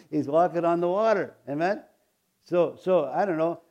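A pastor in his sixties preaches a sermon, spinning homey, folksy stories, chuckling often, and having the congregation repeat after him in call-and-response fashion. His voice sits on the high side, animated and a little mellow, at a normal speed, though the audio is dull.

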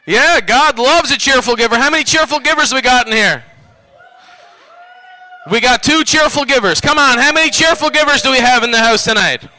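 A male preacher at a church service, urging the crowd on in call-and-response. His voice sits extremely high for a man and rings sharp and piercing. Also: fairly quick, low-quality recording. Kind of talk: revival sermon.

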